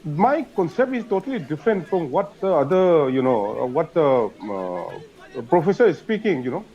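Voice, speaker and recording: A man's voice: a little high, sing-song, moderate pace, dull audio. A man, a colonel on a news debate panel, insistent and repetitive, pushing his point over others. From Manipur. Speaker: retired army colonel, panelist.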